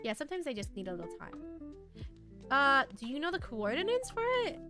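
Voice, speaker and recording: A woman's voice: sits high, sing-song, a little fast. A young woman chatting casually with her viewers while playing a game on a livestream, giggly and talkative. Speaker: streamer. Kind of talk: casual gaming livestream chat. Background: game music.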